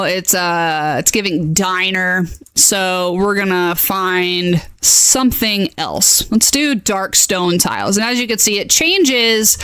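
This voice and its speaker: A woman hosting a casual live-stream tutorial as a game master. She is chatty and excitable, reacting aloud as she clicks and tagging her lines with "okay?". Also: medium pitch, clear, resonant tone, no room sound, clean studio sound.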